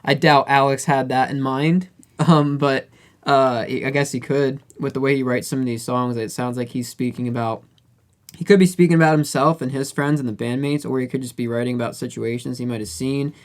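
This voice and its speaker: A man's voice: mid-range voice, steady tone, brisk. A man hosting a casual music podcast, joking around and reading out listener comments. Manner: jokey, reads out listener comments. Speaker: podcast host.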